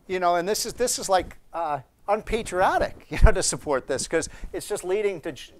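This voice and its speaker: Man, higher-pitched, rambling seminar talk to students, live room, faint background noise. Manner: chatty anecdotal delivery with frequent restarts and asides. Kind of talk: storytelling speech to students.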